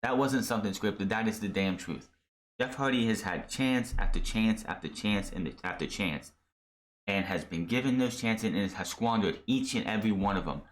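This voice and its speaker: Male wrestling reviewer, lowish voice, blunt and exasperated solo rant. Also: normal speed, a little hiss or hum. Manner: blunt, exasperated, rambling with restarts. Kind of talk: casual solo commentary.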